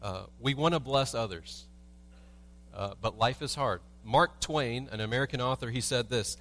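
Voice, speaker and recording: A man's voice: medium pitch, moderate pace, a bit bright. A man preaching a sermon as a pastor in a church, telling everyday stories with humor and asking the congregation rhetorical questions. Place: church sanctuary.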